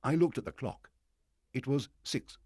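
A man narrating a storybook aloud in an expressive reading style. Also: medium pitch, measured pace, breathy edge, no echo, clean studio sound. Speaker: audiobook narrator.

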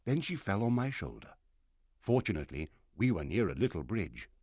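A man narrating a storybook with a low, husky voice that rises and falls widely as he reads. the sound is dry and close, with no room around it. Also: sing-song, moderate pace, a little mellow, dry recording. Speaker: audiobook narrator. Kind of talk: storybook reading.

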